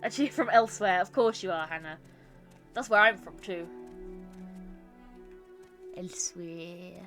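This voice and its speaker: A woman's voice: mid-range voice, a little fast. A young woman chatting with her stream chat while playing a game, reading messages aloud and laughing often. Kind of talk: casual gaming stream chat. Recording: streamed with loud game music.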